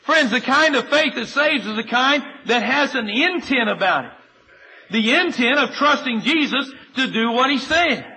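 A man preaching a sermon, earnest and emphatic, moving between loud urging and quiet appeal and citing chapter and verse in steady lists. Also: very high-pitched, normal speed, low-quality recording.

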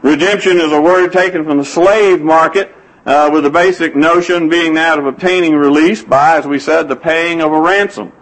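A man's voice: a little high, moderate pace, poor audio. A man preaching a sermon, telling folksy stories and quoting scripture. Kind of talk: sermon with anecdotes.

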